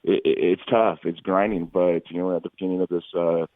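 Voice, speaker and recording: A middle-aged man, a former fighter, telling stories from his career as an interview guest, rambling with frequent pauses and restarts. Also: deep voice, fairly even intonation, no echo. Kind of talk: casual storytelling in an interview. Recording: tinny phone-like line, dry.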